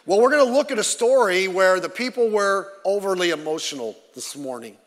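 A pastor preaching a Sunday sermon in a relaxed, joking way to his congregation. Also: high voice, a little fast. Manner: conversational with jokes to the congregation. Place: church sanctuary. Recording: long reverb of a large hall.

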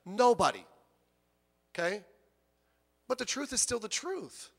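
High-voiced preaching man in a reverberant hall. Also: a little slow. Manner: animated, acts out quoted people, swings from soft to loud. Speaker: pastor. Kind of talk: sermon. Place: church.

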